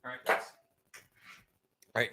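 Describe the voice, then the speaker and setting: A man's voice: measured pace, pushed and bright, slight background noise. A man hosting a casual podcast livestream, reading chat aloud with profane, rambling, self-mocking talk while fumbling to light a cigar.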